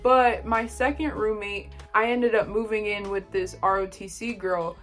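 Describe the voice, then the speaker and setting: A young woman vlogging, telling a casual story from college and quoting people in animated bursts. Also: medium pitch, measured pace, faint music behind. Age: young adult.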